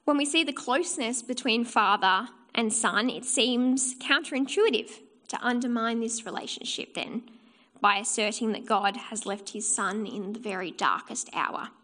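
A woman with a fairly high voice preaches a sermon in a church. Her delivery is earnest and explanatory. She often asks a rhetorical question and then answers it herself. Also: moderate pace, sharp tone.

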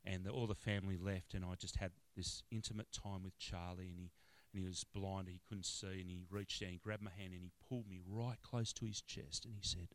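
A middle-aged man with an Australian accent, a football club chaplain telling a story in a sermon and acting out the quotes with lively emotion. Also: fairly quick, few pauses. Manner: animated, acts out quotes, rising to high-pitched excitement.

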